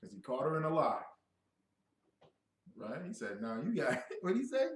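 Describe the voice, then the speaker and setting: A man giving a loud, joking scripture lesson who quizzes his listeners. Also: fairly high pitch, huge pitch swings, normal speed, reverberant, a little hiss or hum. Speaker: scripture teacher. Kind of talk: animated scripture breakdown.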